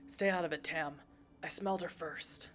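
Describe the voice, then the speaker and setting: A woman voicing a hostile male vampire thug with a gruff voice and crude, menacing taunts. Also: sits low, steady tone, normal speed, a bit bright, faint music behind. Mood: threatening.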